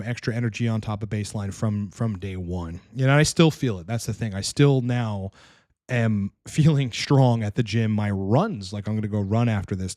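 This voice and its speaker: A man's voice: fairly low pitch, darkish tone, no room sound, clean studio sound. A man coaching on fitness, answering audience questions in a casual monologue, blunt and profane and rambling with frequent restarts.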